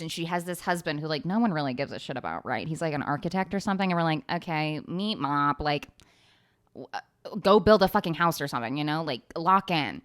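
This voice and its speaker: A young woman with a slightly low voice hosts her own talk show. She rambles through a comedic recap, sarcastic and quick to swear, often breaking into laughter. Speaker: podcast host.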